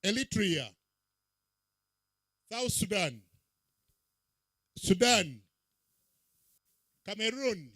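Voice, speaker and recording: A man emceeing an event, his voice pitched a little high and carried dry and close over a handheld mic. He calls out names with punchy rising emphasis, as if to a crowd. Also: sing-song, extremely slow, pauses often, a bit bright, no echo. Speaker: master of ceremonies. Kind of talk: event emcee roll call. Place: outdoor public event.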